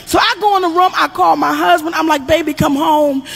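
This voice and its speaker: A middle-aged woman comedian telling a long, loud, profane stand-up story, acting out the people she quotes. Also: very high-pitched, quick pace, gravelly, slight background noise.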